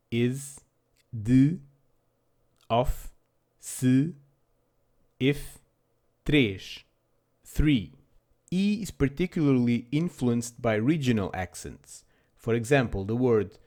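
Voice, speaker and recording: A man's voice: mid-range voice, darkish tone. A man narrating a scripted language lesson with dry, self-deprecating humor. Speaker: language teacher.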